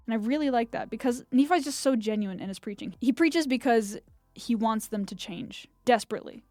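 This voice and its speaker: A woman's voice: fairly high pitch, fairly quick, darkish tone, no room sound, faint music behind. A young woman host reading scripture aloud and chatting enthusiastically about it, with lots of "like" fillers. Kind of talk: scripture reading with casual commentary.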